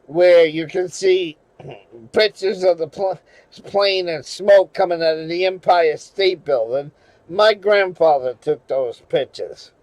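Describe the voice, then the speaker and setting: A man's voice: high voice, slow pace, a little mellow, no room sound, poor audio. A man from New England telling a personal story in a rambling way, with restarts and swearing. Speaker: channel host. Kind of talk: casual storytelling monologue.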